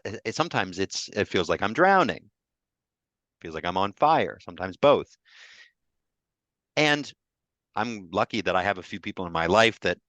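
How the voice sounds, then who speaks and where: Bright-voiced man sharing openly on a call. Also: on the low side, dry recording. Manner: open, searching, emotional, restarts often. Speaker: grief therapist; co-host of a mindfulness support group. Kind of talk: heartfelt personal sharing on a video call. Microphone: video call.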